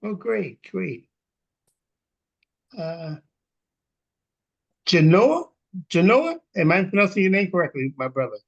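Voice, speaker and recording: Male host, high-pitched, hesitant, video-call introductions. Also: creaky, fairly bright tone, muffled recording. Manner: halting, with many fillers and restarts. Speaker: meeting host. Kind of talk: online meeting introductions.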